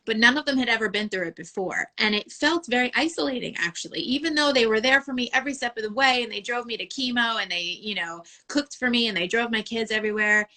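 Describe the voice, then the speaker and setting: Bright-voiced woman, candid guest. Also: on the high side, fast talker, few pauses. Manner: open and emotional, laughs often, quotes herself. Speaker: guest, photographer. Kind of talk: candid interview talk.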